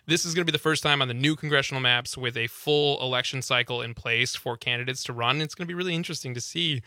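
A man's voice: mid-range voice, sharp tone, no room sound, studio quality. A man co-hosting political talk radio, chatting with frequent restarts. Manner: conversational, halting restarts. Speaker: radio co-host.

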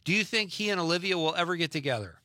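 Host: middle-aged guy, rambling banter, bright forceful voice, dry studio sound. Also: fairly high pitch, animated, no room sound. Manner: chatty, rambling, quick laughs. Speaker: radio show host. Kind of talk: casual radio banter. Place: radio studio.

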